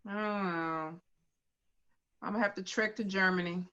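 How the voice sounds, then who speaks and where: A woman co-hosts a casual chat, animatedly telling stories and acting out what other people said. Her voice is mid-range at a moderate pace, and the audio sounds dull.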